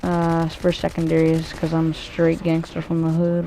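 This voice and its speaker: A woman's voice: deep voice, completely flat delivery, a little slow, mellow. A woman giving casual, rambling commentary over a shooter match, swearing freely and full of ums and restarts. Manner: rambling, profane, many fillers and restarts. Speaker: gameplay commentator.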